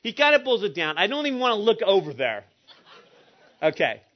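A man's voice: sits high, sing-song, a little fast. A middle-aged man preaching a sermon with humorous storytelling. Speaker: pastor. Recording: muffled lo-fi recording.

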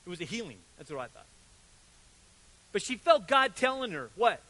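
An older man delivers a sermon with a high, bright and forceful voice. He tells stories with lively turns, switching between loud bursts and soft asides as he acts out what people said. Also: moderate pace, long pauses, rough recording. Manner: animated storytelling, acts out quotes with sudden loud and soft turns. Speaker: pastor.

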